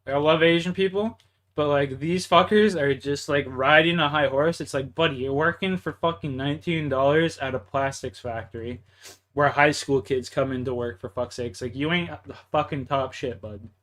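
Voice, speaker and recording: This one is a heated, profane gaming rant aimed at a livestream chat, delivered by a young Canadian-accented man. He speaks at a moderate pace, pitched on the high side, with a fairly bright tone.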